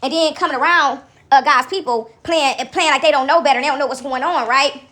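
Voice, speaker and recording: Fast-talking high-voiced woman. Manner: animated, addresses viewers as y'all, swears freely. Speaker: storyteller vlogger. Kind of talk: casual storytelling to viewers.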